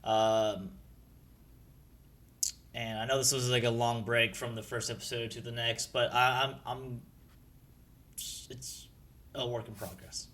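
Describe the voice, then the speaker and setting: A man's voice: mid-range voice, level tone, slow pace, pauses often, fairly bright tone. A man narrating a casual anime recap in a profane, rambling way, full of ums and likes.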